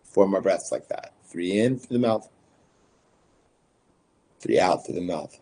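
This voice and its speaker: Man, breathwork guide, very low voice, husky, calm counted instructions. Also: a little slow.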